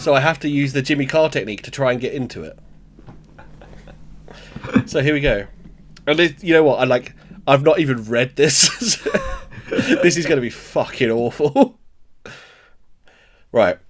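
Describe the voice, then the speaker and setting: Man, podcast co-host, animated and jokey, very expressive pitch. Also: measured pace, long pauses. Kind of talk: casual chat.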